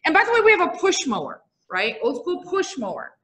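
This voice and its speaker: Bright, high-voiced bouncy woman teacher. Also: fairly quick. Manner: lively, bouncy, quizzes the audience. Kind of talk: classroom lecture with storytelling. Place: classroom before students.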